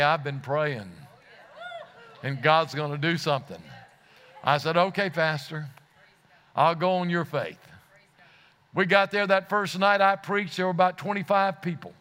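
A man's voice: on the high side, fairly bright tone, smooth. A man preaching a sermon, telling a story earnestly and rising to fervent exclamations, often repeating words as he starts a phrase.

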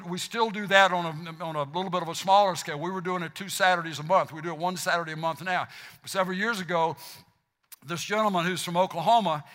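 A man with a Southern US accent preaching a sermon as pastor, animated and fired up, stumbling over restarts as he goes. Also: on the high side. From South Mississippi. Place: church sanctuary. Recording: long hall reverb.

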